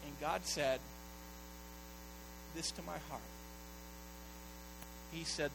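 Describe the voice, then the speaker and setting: A middle-aged man pastor preaching a sermon, moving between hushed storytelling and loud, urgent appeals to the congregation. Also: on the high side, fairly even intonation, drawn-out words, gravelly, pauses often, noisy background.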